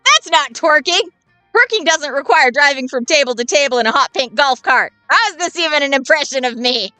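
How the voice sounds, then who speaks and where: Woman doing a loud, wild party girl. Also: animated, a little fast, no room sound, faint music behind. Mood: indignant. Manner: indignant, loud, high.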